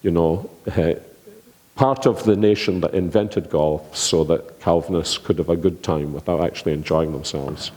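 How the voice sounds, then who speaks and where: A man's voice: low-pitched, moderate pace, darkish tone. A Scottish man speaking thoughtfully on a theology panel, with a dry sense of humor. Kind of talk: panel discussion. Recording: long hall reverb.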